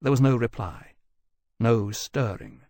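Brief: male narrator, mid-pitched, steady measured read, very dry booth sound. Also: no room sound. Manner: measured, even storytelling. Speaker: audiobook narrator. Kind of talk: scripted narration.

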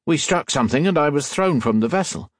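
A man's voice: fairly high pitch, lively intonation, fairly quick, no room sound, clean studio sound, pitched above the performer's own voice. A man voicing a wary young man who poses as a photographer, flustered and questioning.

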